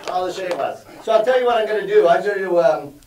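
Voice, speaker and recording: Brash high-voiced comic teasing the crowd. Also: male voice, lively intonation, background noise. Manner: brash, teasing, quick banter with audience. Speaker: stand-up comedian. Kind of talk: stand-up crowd work. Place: comedy club stage. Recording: echoey club from far off with crowd. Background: audience laughter.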